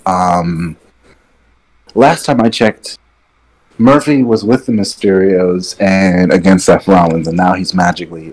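A man's voice: low voice, unhurried, a little mellow. A man co-hosting a casual wrestling chat podcast, rambling and opinionated, speaking from a distance away from his microphone. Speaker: podcast co-host. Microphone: far from his mic.

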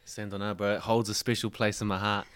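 On a relaxed podcast, a young Kiwi guest keeps saying "bro" while he tells laid-back stories. His fairly low voice is quick, clear and resonant, a bit bright, with little pitch movement.

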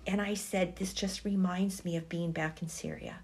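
A woman telling a personal story slowly and reflectively in an interview, with feeling. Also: on the low side, steady tone. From United States. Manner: slow, reflective, emotional. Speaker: guest.

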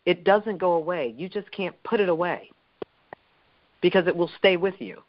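A man's voice: sits high, normal speed, muffled recording, a little hiss or hum. A man from Philadelphia hosting an interview, affirming his guest and repeating phrases for emphasis. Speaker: interview host. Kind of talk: encouraging interview talk.

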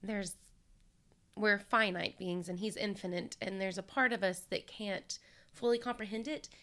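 A woman's voice: mid-range voice, steady tone, moderate pace, fairly bright tone. A woman in a casual Bible study discussion, thoughtfully sharing her view and citing scripture.

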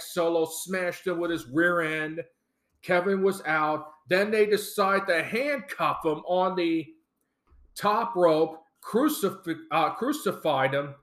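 Excitable high-voiced man recapping wrestling. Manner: excitable, animated storyteller. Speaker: podcast host. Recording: roomy echo.

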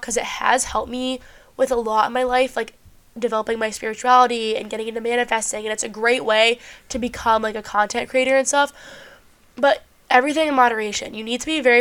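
A young podcast host chats casually about self-help, swearing often and saying "like" a lot. She sounds a bit stuffy, with a clear, resonant, fairly bright voice on the high side.

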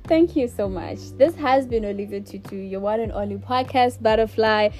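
A woman's voice: a little high, normal speed, few pauses, faint music behind. A young woman hosting her own podcast who talks emotionally and effusively, laughing to hold back tears as she thanks her listeners. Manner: warm and effusive, repeats thanks. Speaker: podcast host. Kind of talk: casual solo podcast outro.

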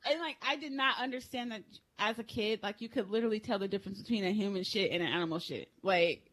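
A young woman co-hosting a podcast, telling a crude story with loud laughter and lively, animated storytelling. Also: mid-range voice, fast. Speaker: podcast co-host. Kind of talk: casual chat.

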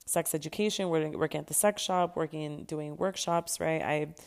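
A woman's voice: low-pitched, steady tone, normal speed, vocal fry. A young adult woman hosting a podcast, telling her personal story candidly, swearing freely and stressing points through repetition. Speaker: podcast host.

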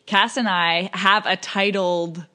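A woman co-hosting a podcast in casual chat, talkative and quick to laugh. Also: mid-range voice, steady tone, pushed and bright. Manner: chatty, laughs often, thinks aloud with fillers. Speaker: podcast co-host.

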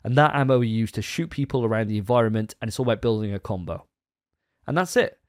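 A man's voice: fairly low pitch, animated, fast, no echo. Chatty podcast co-host man, dry sound. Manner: chatty, rambling, self-correcting. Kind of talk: casual chat.

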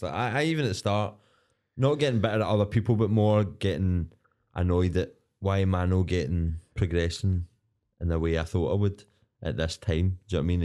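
A man's voice: sits low, mellow. A young Scottish man, a comedian guest, chatting candidly and swearing freely on a podcast. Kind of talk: casual podcast chat.

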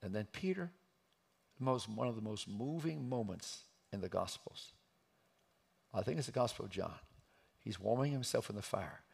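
Gravelly preacher telling a dramatic story. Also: male voice, fairly low pitch, animated, normal speed, pauses often. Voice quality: gravelly, husky. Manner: dramatic, swings from hushed to shouting while acting out the story. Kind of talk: sermon storytelling.

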